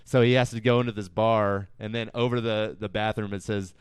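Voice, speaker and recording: A man's voice: fairly low pitch, little pitch movement, fairly quick, clear, resonant tone, dry recording, studio quality. A man hosting a casual podcast, rambling through stories and laughing at his own jokes. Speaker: podcast host.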